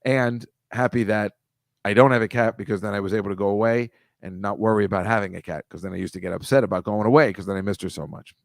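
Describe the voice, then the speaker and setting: A man's voice: on the low side, fairly even intonation, fast talker, vocal fry, no room sound, clean studio sound. A man hosting a casual video-call chat over shared slides, rambling, wry and mocking, swearing freely. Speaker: host.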